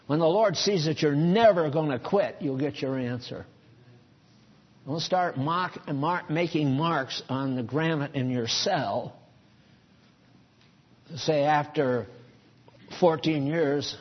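Husky older-sounding preacher guy, folksy sermon, kinda muffled lo-fi tape. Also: a little high. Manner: folksy, conversational, with chuckles and asides. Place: church.

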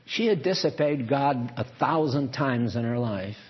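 A man's voice: mid-range voice, animated, unhurried, husky. A man preaching a sermon in a conversational, digressive way, reading scripture aloud and asking his listeners questions. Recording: dull lo-fi recording.

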